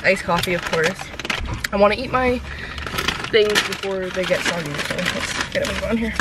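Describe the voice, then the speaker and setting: A woman's voice: mid-range voice, moderate pace, very noisy. A young woman, chatting casually to her camera as a lifestyle vlogger and filling her talk with "like.". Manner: chatty, rambling with frequent "like" fillers. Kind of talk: casual vlog chat.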